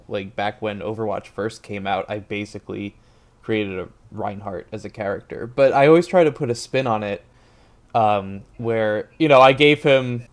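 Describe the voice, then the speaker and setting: Hesitant low-voiced podcast co-host. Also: male voice. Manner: hesitant, filler-heavy. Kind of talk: casual podcast chat.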